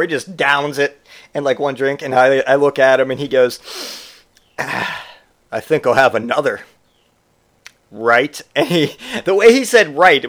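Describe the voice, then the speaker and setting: A man's voice: fairly high pitch, fairly bright tone. A young man with a somewhat raised voice tells a comic story in a loose, casual way. He swears freely and slips into the voices of the people he quotes as he goes.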